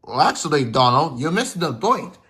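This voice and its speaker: A man's voice: fairly high pitch, big pitch swings, brisk, pushed and bright. A man voicing a blunt, teasing male engine in a toy train story.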